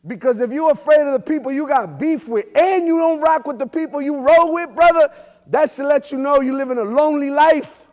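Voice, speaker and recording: A man's voice: very high voice, brisk, a little mellow. A man giving a motivational keynote speech full of stories, talking emphatically with street slang and lots of repetition. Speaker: keynote speaker. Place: large event hall. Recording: echoey hall reverb.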